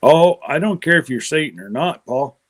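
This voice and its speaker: A man's voice: a little high, expressive, normal speed. A man from Canada hosting a livestream, chatting casually and rambling while answering viewer comments. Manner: rambling, answers live chat comments aloud. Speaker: livestream host.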